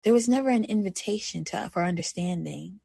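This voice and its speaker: Candid husky young woman. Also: medium pitch, a little fast, no room sound. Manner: candid, conversational, swings between soft and animated. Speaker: podcast host. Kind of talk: personal reflective monologue.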